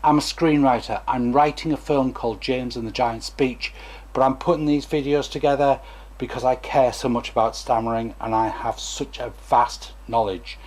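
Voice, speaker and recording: A man's voice: mid-range voice, steady tone, moderate pace, darkish tone. A former stammering therapist, a man, gives a chatty, digressive talk to camera and acts out examples as he goes.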